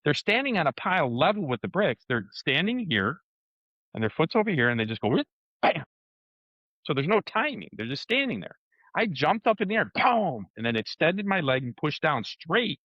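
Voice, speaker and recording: A man telling a story in a lively way, with sound effects and acted-out dialogue. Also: fairly high pitch, a little fast, no room sound, highs cut off. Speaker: co-host and martial arts competitor. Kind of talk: animated casual storytelling.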